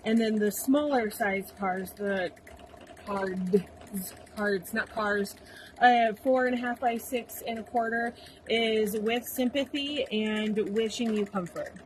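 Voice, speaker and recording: A woman's voice: a little high, measured pace, a little hiss or hum, poor audio. A woman hosting a shop livestream, chatting casually and playfully as she demonstrates machine embroidery. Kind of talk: livestream product demo chat. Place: sewing shop studio.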